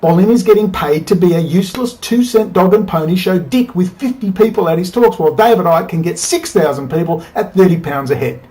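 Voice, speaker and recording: A man's voice: high-pitched, lively intonation, brisk, hardly any pauses, mellow. A man giving a combative, profane monologue to camera, firing off rhetorical questions as a political commentator. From Australia.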